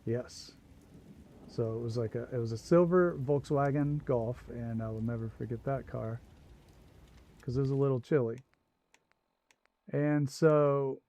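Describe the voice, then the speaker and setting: Mellow-voiced man telling a rambling story. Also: mid-range voice. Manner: rambling anecdote with asides. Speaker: livestream host. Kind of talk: casual storytelling while gaming.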